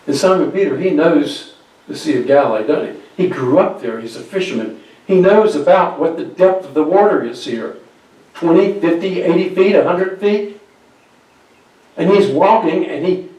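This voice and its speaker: A male pastor telling a Bible story in a conversational sermon with halting restarts, recorded from a distance in an echoey church. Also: a little high, lively intonation, warm tone. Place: church sanctuary. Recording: very echoey hall, distant mic.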